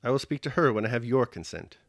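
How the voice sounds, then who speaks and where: A man reads a countess and mother who speaks haltingly and anxiously. The audiobook reading is close and dry, and her voice sits a little higher than his own. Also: lively intonation, vocal fry, no echo. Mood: hesitant.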